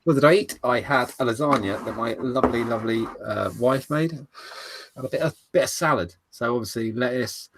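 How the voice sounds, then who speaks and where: A man's voice: medium pitch, a little fast, background noise. A British man co-hosting a live show, laid-back and casual, swearing and stumbling over names. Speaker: co-host.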